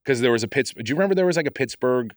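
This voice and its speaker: A man of middle pitch co-hosts a relaxed podcast chat and rambles through his sentences, often restarting them. His voice is close and dry. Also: rapid-fire, no room sound. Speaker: podcast co-host.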